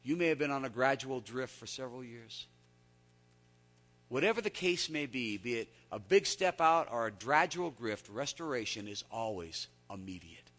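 A man preaching a sermon, telling stories that swing from hushed, intimate lines up to loud, emphatic peaks. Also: mid-range voice, lively intonation, normal speed, in a large hall. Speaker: pastor.

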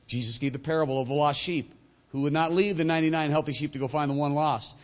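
A male pastor delivering a sermon, swinging between loud emphatic points and quiet, low asides. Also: animated, quick pace.

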